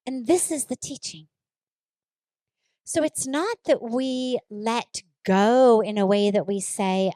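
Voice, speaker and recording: Earnest woman spiritual teacher, slow delivery. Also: a little high, animated, mellow, dry recording. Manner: earnest, repeats phrases for emphasis. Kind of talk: reflective spiritual talk with a personal story.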